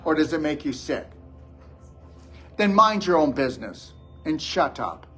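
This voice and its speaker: Brief: man, fairly high voice, preachy and confrontational motivational speaker, faint music behind. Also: expressive, unhurried, a bit bright. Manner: blunt, scolding, preachy. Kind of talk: motivational lecture to a live audience.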